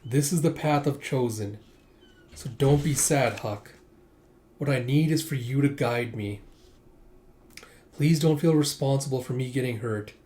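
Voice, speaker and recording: A man's voice: medium pitch, unhurried, pauses often, mellow, slight background noise, natural voice. A man reading out the lines of an earnest young princess in a manga, close to his own voice.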